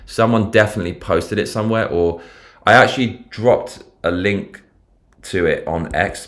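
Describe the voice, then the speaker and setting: Deep-voiced man rambling on a live stream. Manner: rambling, animated, swears casually. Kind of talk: casual live-stream chat. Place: his mother's house.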